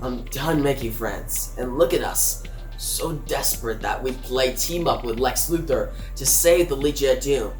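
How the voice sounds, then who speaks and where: A woman's voice: rumbling low, unhurried, a little mellow, echoey room, soft background music. Detective Chimp, a woman reading a weary chimp. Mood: gloomy.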